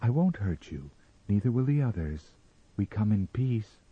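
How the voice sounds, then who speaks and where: A man voicing a frail, ghostly young Martian woman who speaks softly and earnestly, on a slightly muffled recording. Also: fairly low pitch, sing-song, a little slow, breathy edge, dry recording, pitched above the performer's own voice, full character voice. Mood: calm pleading. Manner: soft, gentle and earnest.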